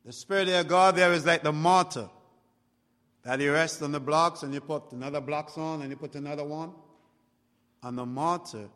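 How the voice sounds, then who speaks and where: Slow, high-voiced male preacher in a hall. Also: fairly bright tone. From outside Canada. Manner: slow, deliberate preaching with rising exclamations. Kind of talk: sermon.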